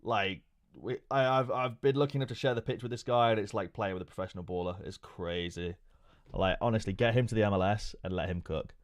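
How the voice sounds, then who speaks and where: Speaking fairly quickly in a fairly low voice, a young man livestreams and talks casually with his audience. He trades profane jokes with the chat, swearing plenty along the way.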